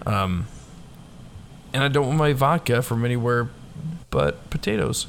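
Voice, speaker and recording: Gravelly-voiced man in casual talk. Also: mid-range voice, lively intonation, unhurried, a little hiss or hum. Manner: joking, loose, swears. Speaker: podcast co-host. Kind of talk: casual whiskey chat.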